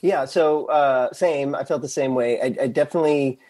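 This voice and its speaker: A man's voice: mid-range voice, moderate pace, a little mellow, no room sound. Hesitant man, dry close sound. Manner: hesitant, lots of "um" and restarts. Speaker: podcast co-host. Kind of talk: casual discussion.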